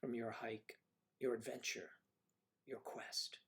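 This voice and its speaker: A man's voice: medium pitch, flat delivery, creaky, a bit bright. Musing man chatting with his stream. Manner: musing, drawn-out hums between comments. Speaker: livestream host reading chat. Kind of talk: casual livestream chat. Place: at home with TV in background.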